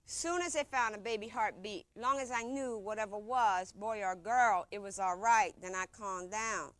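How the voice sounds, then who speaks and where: A woman with a medium-pitched, slightly bright voice speaks at normal speed while recounting a personal experience. Her casual, informal storytelling often repeats itself and acts out what other people said.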